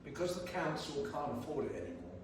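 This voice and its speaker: A man's voice: on the high side, very animated, fairly quick, a little hiss or hum. A man giving a blunt, emphatic, jokey speech to a community meeting in a church hall. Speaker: guest panellist. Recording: very echoey church hall, far from mic.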